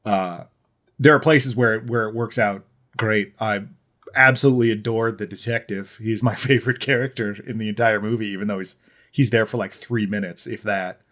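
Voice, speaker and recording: A man's voice: fairly low pitch, steady tone, normal speed, fairly bright tone. A man from the American Midwest co-hosting a podcast, talking through a movie in a wry, opinionated way while thinking aloud. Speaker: podcast co-host. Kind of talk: casual film-review chat.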